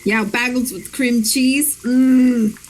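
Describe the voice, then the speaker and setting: A woman's voice: on the high side, fairly even intonation, slow, darkish tone, low-quality recording. A woman co-hosting a gaming stream, chatting in a giggly, rambling way and explaining the game. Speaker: co-host guiding the game. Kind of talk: casual gaming chat.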